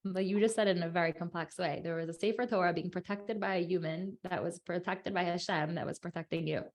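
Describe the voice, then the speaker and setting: A woman's voice: fairly low pitch, fairly even intonation, fast talker. Playful woman teacher on a video call. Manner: playful, encouraging, chatty. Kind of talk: casual group chat with children.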